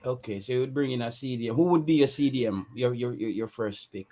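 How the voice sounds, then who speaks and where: A man hosting a casual football talk show, asking quick questions and stumbling over repeated words. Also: medium pitch, mellow. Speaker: host.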